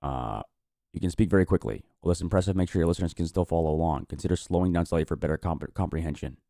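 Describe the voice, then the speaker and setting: A man's voice: deep voice, fast, creaky, mellow, no room sound, studio quality. A man hosting a live-stream watch party, chatting casually, swearing and reacting with frustration.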